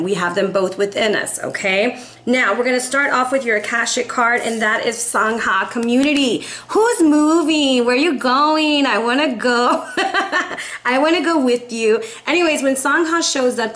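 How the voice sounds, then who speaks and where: A woman's voice: fairly high pitch, a bit bright, roomy sound. Upbeat chatty woman in her forties. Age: 40s. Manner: upbeat, chatty, frequent "okay?" and "guys". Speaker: tarot reader. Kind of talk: casual tarot reading.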